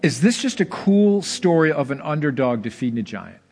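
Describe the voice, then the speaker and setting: A man with a slightly high voice preaches a sermon, retelling a story with lively energy. He rises into excited exclamations, then drops low and slow for emphasis. Faint music plays underneath. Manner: animated storytelling, shouts of excitement, dramatic pauses. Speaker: pastor.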